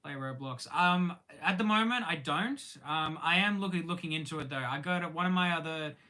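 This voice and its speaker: Chatty young Australian man, bright voice. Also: on the high side. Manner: rambling and halting, many ums and restarts, talks while eating; friendly, greets viewers by name. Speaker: live streamer. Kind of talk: casual live-stream chat.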